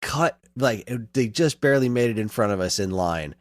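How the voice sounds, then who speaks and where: A man in his thirties co-hosting a podcast, telling a long story in casual chat and getting animated as he retells it. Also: on the low side, moderate pace, no echo. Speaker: podcast co-host.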